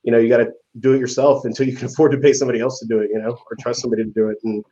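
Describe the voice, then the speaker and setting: A man's voice: mid-range voice, level tone, rapid-fire, mellow, highs cut off. A man being interviewed as a guest, talking in a laid-back way and laughing often. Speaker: event promoter guest. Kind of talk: casual interview chat.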